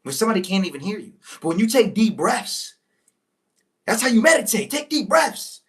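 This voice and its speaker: A woman giving a motivational talk to viewers, preachy and emphatic, repeating key lines, slowing on big points and breaking into excited exclamations. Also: medium pitch. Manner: slows right down on key phrases. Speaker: motivational speaker. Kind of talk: live-stream motivational talk.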